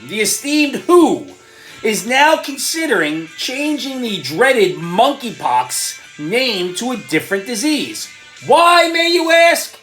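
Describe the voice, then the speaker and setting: An indignant middle-aged man with an Irish accent rants through his commentary with sarcastic jabs and stumbling restarts. His voice leaps up and down in pitch and breaks into shouts. Faint music sits underneath. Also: reverberant. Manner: indignant, ranting, bursts into shouting. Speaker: commentary show host. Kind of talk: ranting opinion commentary.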